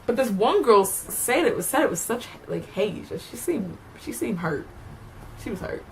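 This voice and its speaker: A woman's voice: fairly high pitch, sing-song, normal speed, slight background noise. A young woman telling stories from school in a casual vlog, chatty and giggly, with lots of "like" fillers. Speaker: vlogger.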